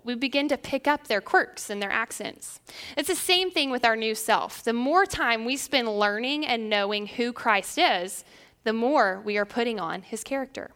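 A young woman with a Southern twang leads a Bible lesson with a bright, slightly high voice. She speaks in an earnest, measured way and reads the scripture passages aloud. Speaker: Bible study teacher.

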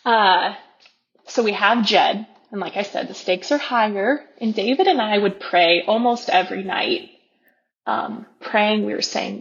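Woman in her 30s, podcast guest, candid animated storyteller, slightly dull lo-fi sound. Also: gravelly. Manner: animated, acts out her own inner dialogue with quick pitch jumps.

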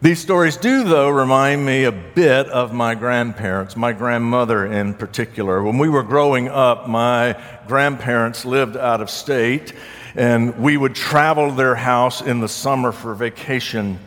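Male pastor, mid-pitched, measured sermon delivery with slowed phrases; long hall reverb. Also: fairly bright tone. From southern United States.

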